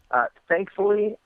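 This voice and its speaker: An American man, a guest fighter, talking in a phone interview with frequent ums, stammered restarts and halting phrasing. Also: sits high, no echo. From United States. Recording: dry tinny phone line.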